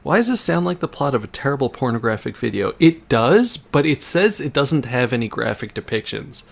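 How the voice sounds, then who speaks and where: Young streamer guy reading fanfic out loud, lots of swoopy ups and downs, keeps cracking up. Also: medium pitch, big pitch swings, fairly quick, gravelly. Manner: breaks into laughter and wry asides while reading. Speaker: livestreamer reading for a charity stream. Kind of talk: comedic dramatic reading of a fan story.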